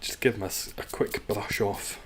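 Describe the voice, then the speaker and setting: A man's voice: fairly low pitch, steady tone, normal speed, noisy background. A man streaming a game live, chatting casually with viewers, reacting and swearing freely.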